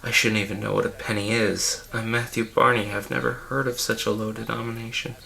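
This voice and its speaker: A self-important male art-film director, queasy and dizzy, rambling through a comedy commentary track in a bright, forceful voice, as a man puts him on. He drifts between panic and grandeur. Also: lowish voice, flat delivery, fairly quick, creaky, exaggerated voice. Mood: pompous. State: unwell and dizzy.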